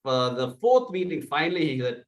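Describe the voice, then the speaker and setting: A man coaching salespeople, speaking loudly and with energy and acting out sample calls. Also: medium pitch, big pitch swings, moderate pace, echoey room, far from the mic, rough recording. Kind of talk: sales training talk.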